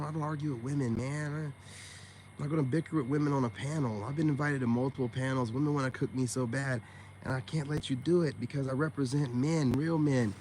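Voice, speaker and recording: A man's voice: medium pitch, darkish tone, a little hiss or hum. A man on a casual livestream, talking bluntly and with profanity straight to his viewers, peppering his speech with "man" and "you know what I'm saying.". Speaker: online self-help streamer.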